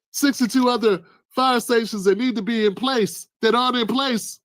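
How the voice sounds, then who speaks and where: A man hosting a news commentary show, talking in a heated, preachy way and rising to shouts. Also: high voice, no room sound, clean studio sound.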